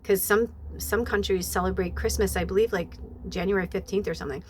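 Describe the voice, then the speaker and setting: A woman giving a casual spiritual reading who rambles with many fillers and bursts into high acted-out quotes. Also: fairly even intonation, a little fast, a little mellow, slight background noise.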